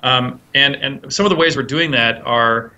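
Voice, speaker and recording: Man, game designer, interview, bright ringing tone, rambling with fillers. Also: medium pitch, moderate pace, muffled recording. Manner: rambling, many fillers and restarts, acts out quotes. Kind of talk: interview answers, storytelling.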